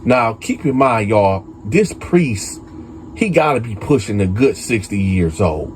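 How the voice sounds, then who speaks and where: A man's voice: mid-range voice, animated, normal speed. A man telling a prison story to his viewers in a loose, conversational way, full of fillers and asides. His voice sits in an average range. A faint hiss of noise sits under it. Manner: conversational, addresses viewers as y'all, many fillers. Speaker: storyteller host.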